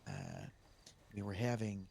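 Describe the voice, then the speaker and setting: A man speaking in character as a police officer, telling a long story in an animated way and raising his voice when he quotes people. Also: on the low side, measured pace, slight background noise. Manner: animated, raises voice when quoting others. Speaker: role-play player as police officer. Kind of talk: in-character role-play storytelling.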